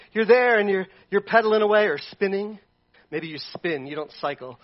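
A man preaching a casual, humorous sermon, rambling and playful and often restarting his sentences. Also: sits high. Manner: rambling and playful, with self-corrections. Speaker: pastor. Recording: dull lo-fi recording.

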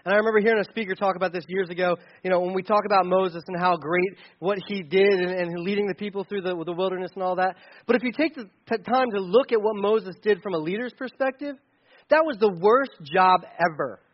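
High-voiced man preaching a casual sermon. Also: brisk, muffled recording. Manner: conversational, animated with playful asides. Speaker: pastor.

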